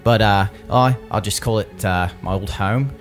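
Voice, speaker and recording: A man's voice: on the low side, normal speed, faint music behind, natural voice. A man voicing a nervous, chatty male wanderer who stammers and rambles in a put-on British accent. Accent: British-sounding put-on.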